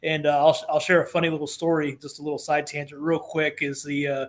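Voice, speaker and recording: A man's voice: fairly high pitch, level tone, brisk. A man in his forties from West Texas with a light Texas twang, a Navy veteran telling stories earnestly in an interview. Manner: earnest storyteller, many restarts. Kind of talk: conversational interview.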